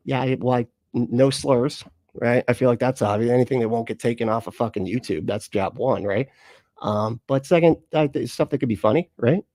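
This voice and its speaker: A man's voice: medium pitch, darkish tone, dry recording. Profane rambling male streamer. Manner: profane, rambling, jokey, reads chat aloud. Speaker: streamer reacting to clips. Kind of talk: casual live-stream chat.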